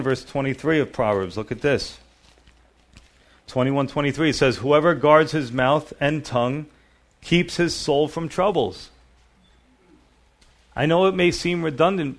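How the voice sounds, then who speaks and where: A middle-aged male pastor giving a sermon, reading scripture aloud and explaining it in a conversational manner. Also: mid-range voice.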